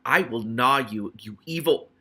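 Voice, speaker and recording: A man's voice: mid-range voice, unhurried, bright, forceful tone, slightly rough. A man voicing a furious old male rat leader who screams and hisses threats, in an audiobook reading. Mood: hissing threat.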